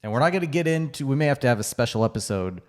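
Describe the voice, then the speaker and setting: A man's voice: medium pitch, lively intonation, very fast. A man co-hosting a podcast in a casual, conversational way, with fillers and restarts. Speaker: podcast co-host.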